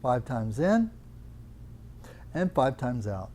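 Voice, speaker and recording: A man's voice: medium pitch, very animated, slow pace, a little mellow, a little hiss or hum. An older man teaching a live Thai yoga class, chatty and teasing, explaining with questions to students in the room.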